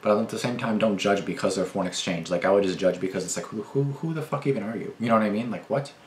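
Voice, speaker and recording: Ranting young man, low voice. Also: fast, reverberant, slight background noise. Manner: rambling, repetitive, heavy swearing, indignant. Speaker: reaction video host. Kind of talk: casual reaction commentary.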